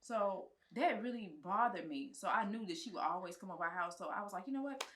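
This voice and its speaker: Guesting on a chat show, a woman who produces and writes films tells a personal story fast, in a mid-range voice over background noise. She's animated and casual, swearing freely and acting out other people's lines.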